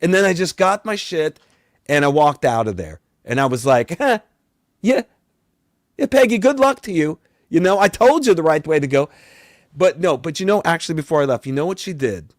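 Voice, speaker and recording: Here a man's slightly high, natural voice moves with lively intonation at a moderate pace, captured in a dry, clean studio recording. In the role of a bragging vampire talk-show host, he rants comedically through a rambling, exasperated tale, cursing as he goes while his voice frequently rises and grows loud.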